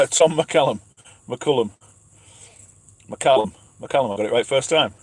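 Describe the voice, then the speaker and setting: Speaking from his truck cab at night, this Englishman, a driver and channel host, reads out viewer questions and names during a relaxed live stream, frequently laughing at his own expense. He talks a little quickly in a husky, everyday middle-pitched voice. The sound is close and dry, without any echo.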